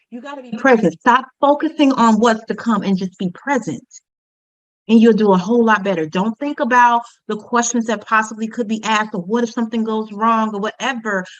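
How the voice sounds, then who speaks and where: A woman's voice: on the high side, no room sound, poor audio. Chatty, joking woman workshop instructor. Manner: chatty, humorous, conversational teaching with asides. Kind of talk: online communication workshop.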